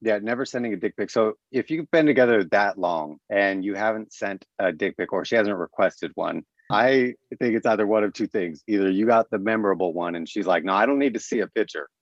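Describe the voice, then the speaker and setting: A man's voice: on the low side, a little fast, hardly any pauses, no room sound, dull audio. A man hosting a casual comedy podcast, joking, self-deprecating and laughing often. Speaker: podcast host.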